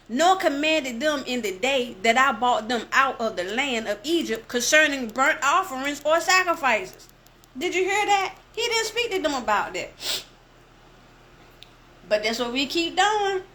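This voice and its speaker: A woman with a high voice who reads scripture and preaches with passion. She talks straight to her listeners and slows down to lean on key phrases. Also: pushed and bright. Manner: impassioned, addresses listeners directly. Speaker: bible teacher.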